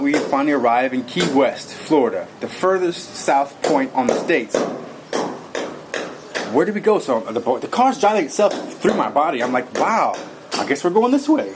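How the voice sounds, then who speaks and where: A man telling a personal story in an interview. He rambles in an animated way and acts out his own lines as he goes. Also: on the high side. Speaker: interview guest. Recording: noisy recording.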